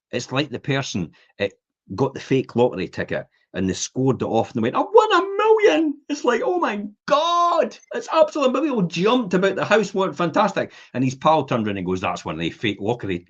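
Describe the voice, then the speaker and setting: This podcast host, a man with a slightly husky voice that swings widely in pitch, is an animated storyteller who slips into different voices to act out anecdotes during a casual chat. The audio sounds dull and lo-fi.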